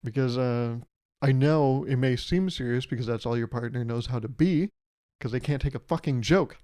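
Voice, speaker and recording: A man hosting his own podcast talks at an ordinary middle pitch, rambling casually in a comic solo monologue. He keeps slipping into playful little exchanges and plays both sides of each one. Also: brisk, mellow. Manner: playful, rambling, acts out imagined dialogues. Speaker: podcast host.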